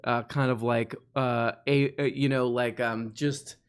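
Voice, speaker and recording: A man's voice: mid-range voice, little pitch movement, measured pace, clean tone. Guy hosting a live stream, rambly and laughy, tripping over his words a lot. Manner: rambling, laughs often, many restarts. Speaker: host. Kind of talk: casual live-stream chat.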